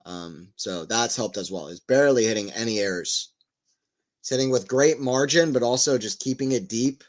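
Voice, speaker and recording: A man's voice: medium pitch, normal speed. A man giving casual live play-by-play tennis commentary, chatting and rambling between rallies and lifting his voice on big points.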